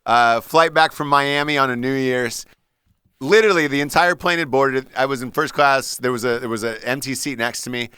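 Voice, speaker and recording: Bright-voiced man telling a story. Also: medium pitch, normal speed, clean tone, no echo. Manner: animated, profane, acts out the people in his stories. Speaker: podcast host. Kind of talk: casual storytelling chat.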